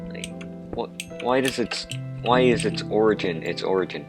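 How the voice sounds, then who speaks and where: Deep-voiced man rambling over gameplay. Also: moderate pace, loud music behind the voice. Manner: rambling, digressive and self-mocking. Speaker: let's play host. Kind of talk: gameplay commentary.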